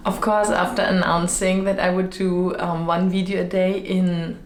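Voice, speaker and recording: A woman's voice: lowish voice, flat delivery, moderate pace, slight background noise. A woman who designs web themes, talking in a rambling, chatty vlog style with lots of fillers, her voice a little off after being sick. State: voice slightly off after illness. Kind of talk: casual vlog chat. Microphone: microphone with fluffy windscreen. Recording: echoey room.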